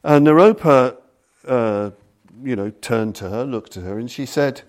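A man lecturing on Buddhism, telling a story slowly and deliberately and reading passages aloud. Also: mid-range voice, a little mellow.

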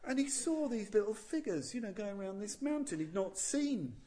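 A man's voice: high-pitched, very animated, normal speed, warm tone. A man, a Buddhist teacher telling a legend with playful, chuckling asides to his listeners. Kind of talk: storytelling talk.

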